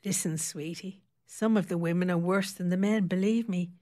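A woman reading aloud, voicing a blunt, well-connected female client who gives confiding advice in a hushed voice. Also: on the low side, steady tone, normal speed, close to an everyday voice.

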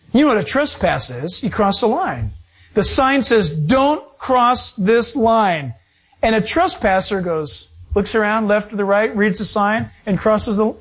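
Pastor guy preaching, pretty high voice, jumps all over the place, jokey asides. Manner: animated preaching with sudden pitch swings and asides. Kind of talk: sermon.

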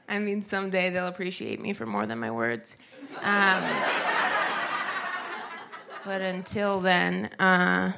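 A woman's voice: mid-range voice, vocal fry, sharp tone, slight background noise. A woman performing stand-up on stage with a dry, self-mocking delivery. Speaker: stand-up comedian. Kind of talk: stand-up comedy set. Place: comedy club stage.

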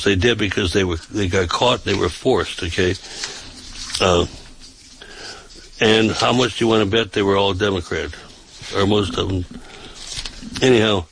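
A man hosting a talk show, making announcements and reading news aloud with casual asides, often pausing on filler sounds and restarting his sentences. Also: sits low, a bit bright, slightly rough, rough recording. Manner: halting, with frequent uh fillers and restarts.

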